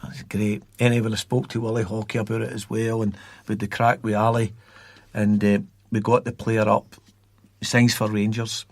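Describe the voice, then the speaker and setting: A man's voice: fairly low pitch, flat delivery, normal speed, no echo. A Scottish man telling stories as a guest on a podcast, rambling and repeating words as he recalls them. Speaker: guest from a youth football academy. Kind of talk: storytelling in a podcast interview.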